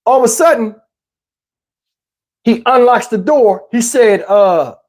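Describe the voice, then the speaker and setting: A man on his channel telling a childhood storm story in a lively, casual way, acting out his relatives. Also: very high voice, slow. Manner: animated, acts out characters. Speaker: channel host.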